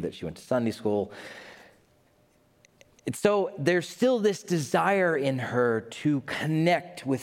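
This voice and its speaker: Animated male pastor in a reverberant hall. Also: mid-range voice. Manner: animated storytelling, playful asides. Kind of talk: sermon.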